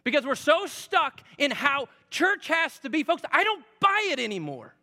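A pastor in his forties, with a high, bright voice, preaches a sermon at a moderate pace in a conversational, animated manner that builds to loud, emphatic peaks. His words ring out through a large church hall with long reverb.

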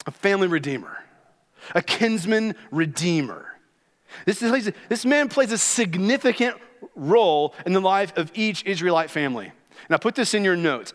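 A man's voice: sits high, a bit bright, smooth. A man preaching a sermon as pastor, emphatic and teaching, acting out scenes from the text. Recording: long hall reverb.

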